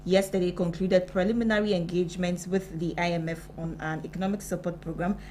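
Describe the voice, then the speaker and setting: A Ghanaian woman co-hosting a morning show, reading news stories aloud in a steady delivery. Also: lowish voice, brisk, a little hiss or hum, rough recording. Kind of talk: news reading and studio chat. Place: broadcast studio.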